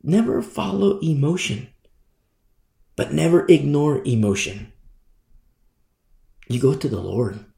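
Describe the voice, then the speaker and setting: A middle-aged man preaching a sermon as pastor, animated and repetitive, with many asides. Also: on the high side, takes it slowly, gravelly, long pauses, roomy sound.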